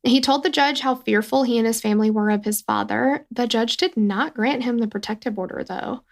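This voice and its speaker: Woman, podcast co-host, casual true-crime chat, gravelly, rambling. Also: a little high, a little fast. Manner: chatty, rambling, many fillers.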